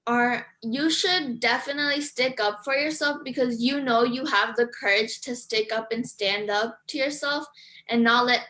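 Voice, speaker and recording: A woman's voice: fairly high pitch, pushed and bright, poor audio. A woman author on a radio interview, earnest and a bit hesitant, reading from her book. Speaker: author and guest. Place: radio studio.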